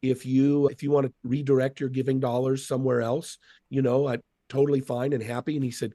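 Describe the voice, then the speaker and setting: Fifties man, podcast guest, reflective storyteller; warm, dry recording. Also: medium pitch, flat delivery, a little fast, dry recording. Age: 50s. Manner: reflective, anecdotal, quotes others. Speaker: guest, speaker and author.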